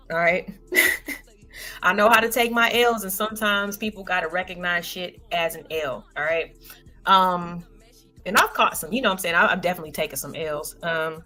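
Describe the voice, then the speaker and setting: A woman's voice: lowish voice, pushed and bright. A woman who is a parent, hosting her own livestream in a loose, slangy, casual monologue. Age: adult parent. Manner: loose and chatty, full of fillers and slang. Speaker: livestream host. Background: faint background music.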